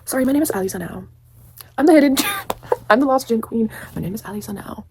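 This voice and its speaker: A woman's voice: on the high side, fast, background noise, pitched above the performer's own voice, lightly acted. A woman putting on the voice of a proud young lost queen announcing herself, with grand, haughty delivery.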